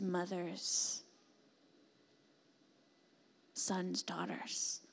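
A woman preaching a sermon, rising to impassioned shouts and falling back to a soft, pleading altar call. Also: lowish voice, creaky, slight background noise.

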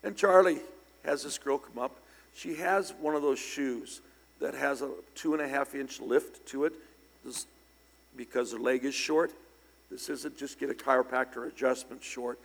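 Older preacher in a reverberant hall. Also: male voice, medium pitch, fairly even intonation, unhurried, creaky, slightly rough. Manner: conversational, with sudden loud emphatic bursts. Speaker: pastor. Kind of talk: storytelling sermon. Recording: long church hall reverb.

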